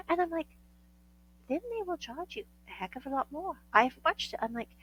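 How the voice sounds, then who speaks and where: A chatty woman from the United States tells a story in a slightly high voice, laughing often as she acts out both sides of conversations. Her tone stays casual and storytelling. A faint hum sits under the recording. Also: lively intonation, moderate pace, bright, forceful tone, low-quality recording.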